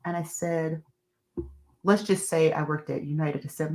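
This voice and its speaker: A woman guest on a podcast, telling candid stories with animated energy in casual chat. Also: deep voice, measured pace, pauses often.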